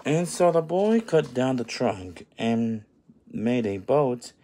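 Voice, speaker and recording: A man reading a picture book aloud at an unhurried pace. His voice is gentle and expressive, rising and falling widely, and now and then he stumbles over a word. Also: medium pitch, a little hiss or hum. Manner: gentle, slow and expressive, with small slips. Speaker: storyteller. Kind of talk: children's story reading.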